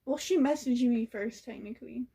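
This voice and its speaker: A young woman retells a story straight to camera, loose and slangy. Her voice sits a bit higher than most women's. She talks in a lively, gossipy rush of asides. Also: moderate pace, vocal fry, husky. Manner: chatty, slangy, animated retelling. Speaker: vlogger. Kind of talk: casual storytelling.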